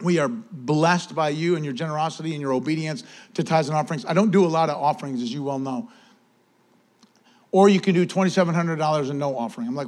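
A man, preaching a sermon and giving church announcements in an animated, casual way. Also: a little high, fast. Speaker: pastor.

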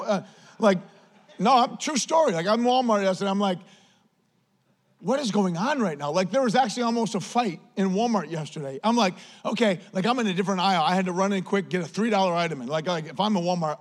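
High-voiced animated preacher. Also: male voice. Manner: animated, conversational preaching with storytelling. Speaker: pastor. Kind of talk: sermon. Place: church sanctuary.

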